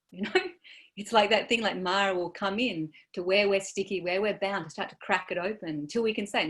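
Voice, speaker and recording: A meditation teacher gives a dharma talk, her gentle, searching voice often trailing off softly amid many fillers. She speaks at a medium pitch and a little fast.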